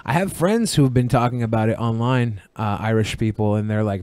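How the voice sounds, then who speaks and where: A man's voice: lowish voice, clean tone, dry recording. A man co-hosting a podcast, joking and stumbling over his words. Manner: joking, halting, with loud mocking bursts. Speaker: podcast co-host. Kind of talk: casual chat.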